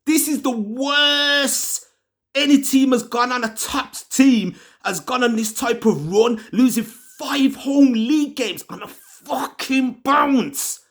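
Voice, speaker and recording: A man's voice: extremely high pitch, takes it slowly, a bit bright. A man hosting a fan channel, ranting in a swearing, slangy, exasperated way about his team. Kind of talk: angry football fan rant.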